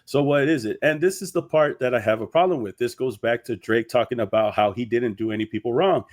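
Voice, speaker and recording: Steady man giving an opinion take. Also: mid-range voice, brisk, few pauses. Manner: steady, argumentative. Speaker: commentator. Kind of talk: opinion commentary video.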